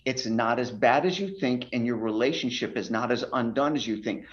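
A man with a pastor's emphatic, preaching way of talking, heard over a remote video call. The audio is a little muffled and dull, and his pitch sits in an ordinary middle range. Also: fairly quick. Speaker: pastor and author guest. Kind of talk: podcast interview.

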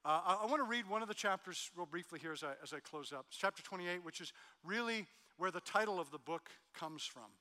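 A middle-aged male pastor with a strikingly bright, fairly high voice delivers a sermon. He moves between hushed, slow lines and loud, emphatic peaks, and his voice carries a long reverb from a large hall. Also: expressive.

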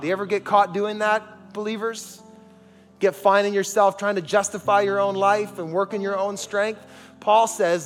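A man's voice: high-pitched, moderate pace, big-room sound, faint music behind. A man preaching a sermon as pastor, emphatic and calling on the congregation for responses, in a large church sanctuary.

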